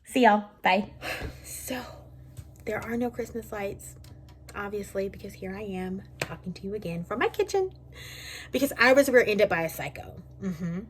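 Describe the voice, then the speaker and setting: A young woman, casually vlogging and telling a story in a chatty, animated way from her kitchen. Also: mid-range voice, moderate pace, a little hiss or hum. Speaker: beauty vlogger. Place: home kitchen.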